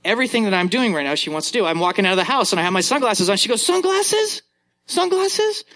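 A young man, a youth pastor, preaching a sermon and telling family stories in an animated way. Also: rapid-fire. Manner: animated storytelling, acting out moments with big pitch jumps.

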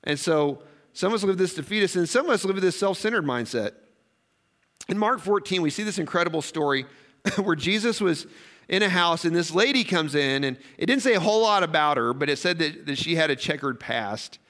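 A man preaching a sermon, telling stories in a conversational way with quick asides and questions to the congregation. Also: fairly high pitch, lively intonation, a bit bright. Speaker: pastor.

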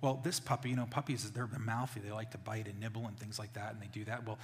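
A man preaching a sermon as pastor, telling stories with loud exclamations and quiet asides. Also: fairly low pitch, steady tone, fast. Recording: reverberant hall.

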